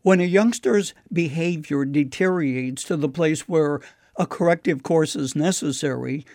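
A man with a somewhat high, gravelly voice delivering a scripted inspirational radio talk. His tone is measured and earnest, like a teacher. The recording is close and dry. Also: darkish tone, dry recording. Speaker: radio devotional speaker.

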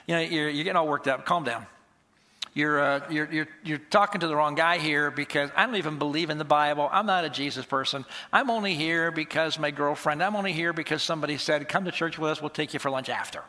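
A man putting on the voice of a dismissive skeptic who only came to church for lunch, mumbling and halting. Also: high-pitched, bright, forceful tone.

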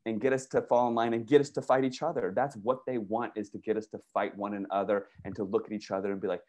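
Man, low-pitched voice, casual conversation, animated, rambling, profane. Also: fast. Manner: rambling, animated storytelling with many restarts; profane, uses "dude" and "bro".

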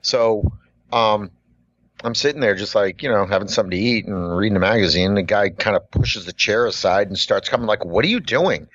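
A man's voice: fairly low pitch, brisk, dry recording. Rambling man telling a story, dull sound. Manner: rambling, full of "like" and restarts, animated. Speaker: podcast co-host and coffee shop worker. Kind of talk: casual storytelling chat.

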